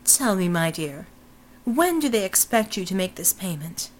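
A woman's voice: medium pitch, big pitch swings, moderate pace, a little hiss or hum, close to an everyday voice, low-quality recording. A woman voicing a theatrical male pulp hero, speaking in a florid, courtly, old-fashioned manner. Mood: grandiose.

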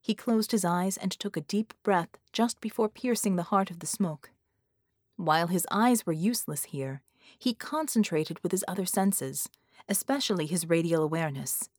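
In a studio-quality recording with no room sound, a woman reads an audiobook aloud. Her fairly low voice carries a steady, measured storytelling style through the scripted narration.

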